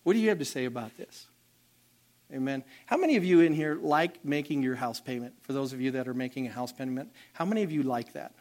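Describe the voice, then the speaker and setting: A man preaching a sermon as pastor, animated and calling out to the congregation for responses. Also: mid-range voice, fast.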